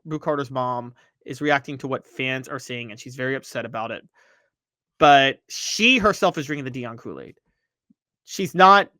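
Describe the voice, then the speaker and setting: A man's voice: fairly high pitch, bright, forceful tone, clean tone, dry recording, studio quality. A man hosting a sports podcast, giving opinionated commentary and talking straight to his viewers and chat.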